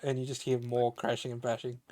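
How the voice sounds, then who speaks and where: A man's voice: medium pitch, level tone, fairly quick, a little mellow. A man running a tabletop game, narrating casually with many hesitations and fillers. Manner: hesitant, filler-heavy storytelling. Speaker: game master.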